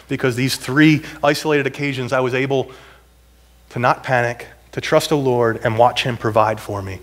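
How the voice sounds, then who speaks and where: A man's voice: medium pitch, fairly quick, fairly bright tone. A middle-aged man, a pastor, giving a sermon in a church, telling personal stories in a conversational, self-deprecating way that builds to emphatic points. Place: church sanctuary.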